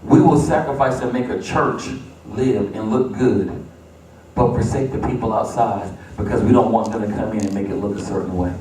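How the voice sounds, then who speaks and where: A man's voice: lowish voice, moderate pace, a little mellow, a little hiss or hum. Man, pastor, sermon, emphatic repeated refrains, very echoey church, distant mic. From United States. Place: church sanctuary.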